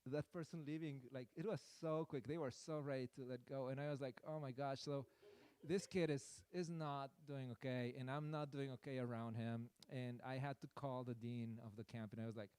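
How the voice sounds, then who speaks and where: A man's voice: mid-range voice, steady tone, moderate pace, a little mellow, clear, resonant tone. A man preaching a sermon through a personal story, in a rambling, self-deprecating way with many fillers.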